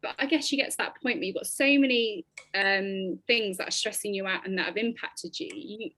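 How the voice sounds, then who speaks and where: A woman in her thirties, a podcast guest telling her personal story in an animated, expressive way with lots of ums. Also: mid-range voice, fairly quick, no room sound.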